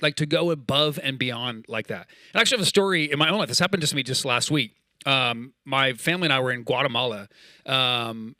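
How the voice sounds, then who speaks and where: A man in his thirties gives a relaxed, conversational sermon with a bright, forceful tone. He tells stories and slips into quoted dialogue. The sound is dry and close. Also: medium pitch, no room sound. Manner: casual, storytelling, acts out quoted dialogue. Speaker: pastor. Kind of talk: sermon with personal story.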